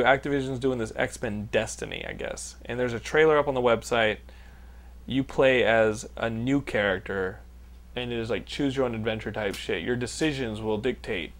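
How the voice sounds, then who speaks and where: A man in his thirties from Texas hosting a podcast, telling stories in a loose, animated way, swearing freely and laughing often. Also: medium pitch. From Austin, Texas. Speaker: podcast host. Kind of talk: casual profane storytelling chat.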